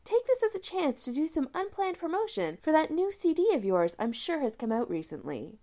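Woman doing perky British charmer: high, bubbly, persuasive. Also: sing-song, moderate pace, a little mellow. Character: perky posh British woman, smooth talker.

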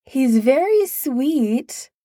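A woman voicing a teasing, mocking noblewoman with a drawn-out delivery in a storybook reading. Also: medium pitch, animated, creaky, dark tone, no room sound, clean studio sound, pitched above the performer's own voice.

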